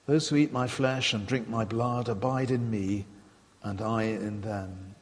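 A man giving a sermon, retelling and quoting scripture in a measured, reflective way. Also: on the low side, fairly even intonation, big-room sound. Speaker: preacher.

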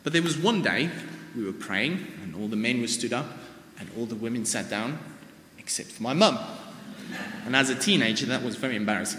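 A man's voice: mid-range voice, animated, brisk, bright, forceful tone, slight background noise. South African man preaching in an echoey hall. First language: Afrikaans. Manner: informal personal storytelling. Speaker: church speaker. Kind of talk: sermon. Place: church. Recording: reverberant church hall.

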